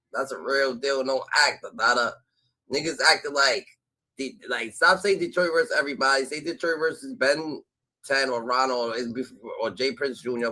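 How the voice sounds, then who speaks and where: Young male reaction streamer; brash, fast, bright and a little husky, mocking tone. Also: medium pitch, low-quality recording. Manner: loud, cursing, mocking, repeats catchphrases. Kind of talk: animated live reaction commentary.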